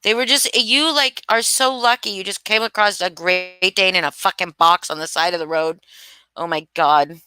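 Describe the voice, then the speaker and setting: A woman's voice: fairly low pitch, normal speed, bright, forceful tone, clear, resonant tone, no echo. A woman hosting a casual live stream, gushing and swearing freely as she chats with viewers. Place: home.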